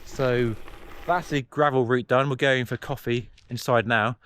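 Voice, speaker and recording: A man talking through a bike review in a measured, conversational way. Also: mid-range voice, steady tone, fairly bright tone, clear, resonant tone. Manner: measured, conversational product comparison. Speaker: cycling reviewer.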